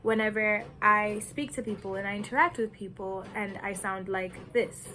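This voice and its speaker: A woman from Kenya giving an earnest, deliberate personal reflection, with nervous laughs now and then. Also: medium pitch, steady tone, bright, forceful tone, a little hiss or hum, low-quality recording. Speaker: vlogger.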